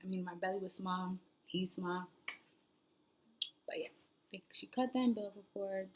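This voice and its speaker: A woman's voice: mid-range voice, moderate pace. Young woman telling a rambling personal story. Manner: rambling, frequent "like" fillers, drops to soft near-whispers. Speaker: new mother vlogger. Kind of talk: casual storytelling vlog.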